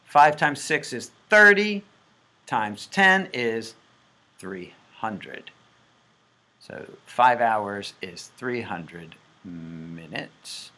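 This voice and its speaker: Man, math homework help, playful, talks through each step, jokey asides, bright voice. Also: on the low side, lively intonation, very slow.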